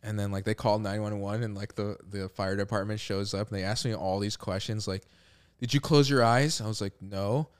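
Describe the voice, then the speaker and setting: A young man telling a long story in a casual podcast chat, relaxed, swearing and saying "like" often. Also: fairly low pitch, fairly quick, few pauses, smooth. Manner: laid-back, swearing, heavy use of "like". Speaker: podcast co-host.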